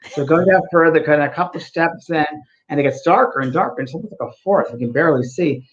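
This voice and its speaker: On a casual spiritual talk show, a male co-host tells stories earnestly and repeats his points for emphasis. His voice is on the high side and quick, and the recording sounds dull and lo-fi.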